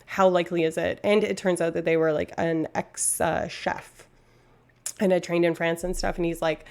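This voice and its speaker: A woman's voice: on the low side, fairly even intonation, normal speed, darkish tone. A woman streaming live from home, talking casually with lots of fillers, tangents and swearing.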